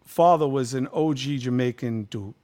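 A man's voice: mid-range voice, moderate pace. A man, a guest on a conversational show, telling a story casually and with animation. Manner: animated, laughing, lively storyteller.

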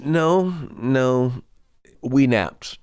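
A man's voice: mid-range voice, lively intonation, extremely slow, darkish tone, smooth, no echo, studio quality. A man co-hosting a podcast, chatting casually and rambling through a movie review with restarts. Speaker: podcast co-host. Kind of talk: casual chat.

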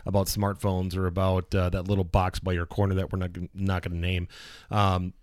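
A man who works as a radio personality, telling stories in casual conversation in an animated way, swearing now and then and acting out the people he quotes. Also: low voice, brisk, no room sound, studio quality.

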